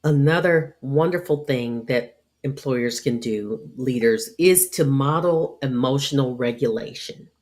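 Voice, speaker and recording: A middle-aged woman with a low, steady voice talks through advice for leaders at a measured pace. She acts out small everyday scenes to make her points. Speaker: podcast host and leadership speaker. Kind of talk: scripted advice talk.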